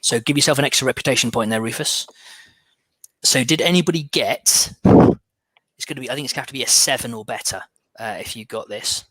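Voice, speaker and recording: A male game master narrating a tabletop adventure, often stopping to restart and repeat words. His voice is bright and clear at a middling pitch, recorded close and dry. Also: a little fast, no echo.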